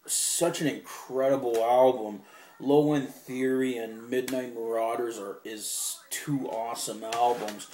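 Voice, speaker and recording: A young man, unhurried and rambling, praises his favorite records with easy enthusiasm and the odd swear word. His voice sits in the middle range for a man. The sound carries the echo of a bare room. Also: mid-range voice, a little mellow, slight background noise. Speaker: music collector vlogger. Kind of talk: casual show-and-tell.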